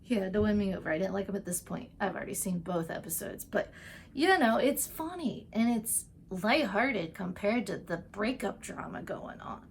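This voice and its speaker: A gravelly, medium-pitched woman's voice with lively intonation recaps TV episodes over slight background noise. The recap and tarot vlogger gushes chattily, full of "like" and "um," and quickly acts out characters' lines.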